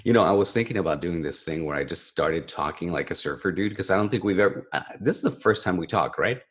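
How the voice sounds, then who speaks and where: A man's voice: low-pitched, expressive, quick pace. A man co-hosting a podcast over a remote call, chatting casually and rambling with self-deprecating jokes. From California. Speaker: podcast co-host. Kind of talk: casual chat.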